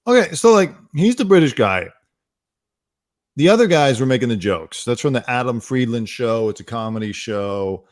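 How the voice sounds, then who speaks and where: A man's voice: mid-range voice, expressive, moderate pace, no room sound, studio quality. A man hosting a comedy news show, riffing on the day's stories in a rambling, sarcastic monologue that keeps correcting itself.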